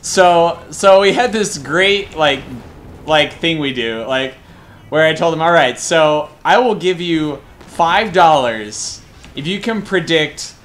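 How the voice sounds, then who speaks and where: A young man from Colorado, a game caster telling rambling, excited stories between plays in casual chat, with frequent swearing. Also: on the high side, slow. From Colorado, USA. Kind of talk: casual storytelling during a game broadcast.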